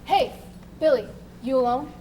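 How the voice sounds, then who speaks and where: A woman's voice: high-pitched, unhurried, darkish tone. A woman playing a bitter, rebellious male sailor with coarse, crude talk in a live stage play. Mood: furtive, urgent. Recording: stage recording with faint noise.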